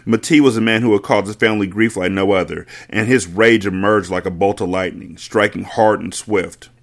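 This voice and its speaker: Brief: lower-voiced male podcast host, casual book reading, blunt profane commentary. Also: fairly even intonation, normal speed. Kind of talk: casual read-aloud with commentary.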